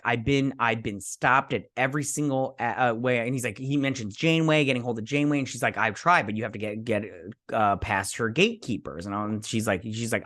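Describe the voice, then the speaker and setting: A man's voice: medium pitch, fairly bright tone, dry recording, clean studio sound. A man casually recapping a TV episode, rambling and briefly acting out the characters' lines. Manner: rambling, acting out quotes in passing. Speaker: show recapper.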